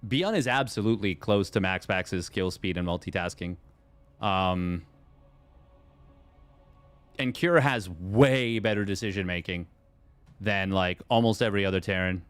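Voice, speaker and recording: A man's voice: low-pitched, a little slow, long pauses, a bit bright, clean tone, dry recording, faint music behind. A man casting a strategy game tournament on a live stream, chatting with viewers and rambling through fillers and restarts. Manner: rambling, reads and answers chat, many fillers and restarts. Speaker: esports caster. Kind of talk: live stream commentary and chat.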